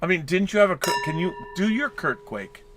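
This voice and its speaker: A man's voice: sits high, sing-song, brisk, background noise. A middle-aged man co-hosting a casual, tipsy live-stream chat, reading viewer messages with jokey, stumbling restarts. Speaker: podcast co-host reading super chats.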